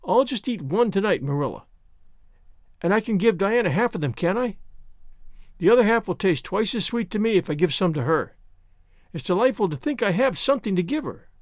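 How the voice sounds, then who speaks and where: A man's voice: high-pitched, expressive, brisk, no room sound, clean studio sound. A man voicing a chatty, imaginative orphan girl of about eleven who gushes with enthusiasm. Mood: eager. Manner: gushing, breathless enthusiasm.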